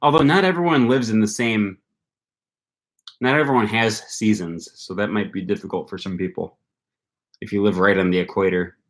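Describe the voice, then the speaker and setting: Young man, Wisconsin accent, slightly low voice, rambling livestream chat, lots of fillers. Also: moderate pace. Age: young adult. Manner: rambling, thinks aloud with many ums and likes. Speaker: language-learning channel host. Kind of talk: casual livestream chat with viewers.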